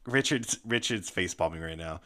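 Low-voiced guy on a podcast, animated storytelling, lots of swearing. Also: moderate pace. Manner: animated, swearing, breaks into laughter. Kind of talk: casual storytelling chat.

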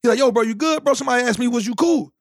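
A man's voice: very high-pitched, racing, dry recording, clean studio sound. A young man, animatedly telling stories and acting out quotes among friends. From Philadelphia. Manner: animated storyteller, acts out quotes, slangy. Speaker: podcast co-host. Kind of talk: casual storytelling among friends.

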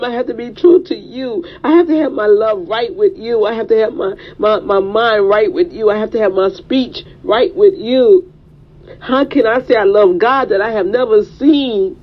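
A woman preaching a fervent sermon in a repetitive preaching cadence. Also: on the high side. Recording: dull, lo-fi recording.

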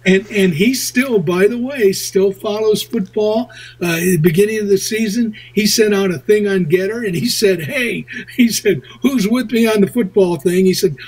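A man hosting a show, telling rambling stories in casual chat with a husky voice. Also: sits high, moderate pace, darkish tone, poor audio. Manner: rambling, chuckling storyteller. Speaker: radio show host.

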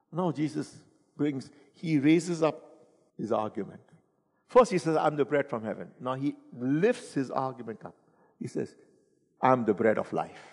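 A man preaching a sermon, reading scripture aloud and questioning the congregation. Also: fairly high pitch. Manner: animated, rhetorical questions to the congregation; reads scripture aloud between comments. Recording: long reverb in a hall.

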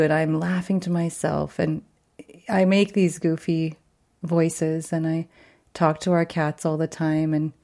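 A woman's voice: deep voice, fairly even intonation, slow pace, vocal fry, darkish tone. Bubbly, laughing woman podcast host. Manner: bubbly, laughs often, chatty with many fillers. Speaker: podcast host and wellness coach. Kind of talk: casual monologue.

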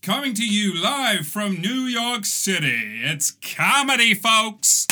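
A man putting on the voice of a brash male announcer who hypes up a comedy show with big drawn-out calls. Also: sing-song, bright, forceful tone, heavily acted. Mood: hyping. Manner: booming, drawn-out showman hype.

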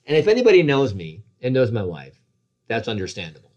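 A man in his forties in casual conversation, telling a story about his own injuries in an animated, self-deprecating way and acting out the voices of others. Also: mid-range voice, fairly quick, lo-fi sound.

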